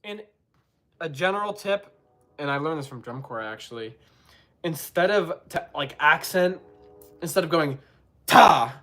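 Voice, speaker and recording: A man's voice: a little high, animated, normal speed, long pauses, sharp tone, faint music behind. A young man answering trumpet questions on a live stream, in a rambling, self-deprecating way, singing syllables to show his points.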